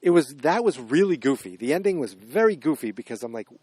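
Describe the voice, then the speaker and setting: A man's voice: on the high side, very animated, fast talker, darkish tone, slightly rough, dry recording. A man hosting a podcast, recapping a film's plot in a rambling, puzzled way, with many restarts and fillers. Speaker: podcast host. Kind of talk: casual movie recap.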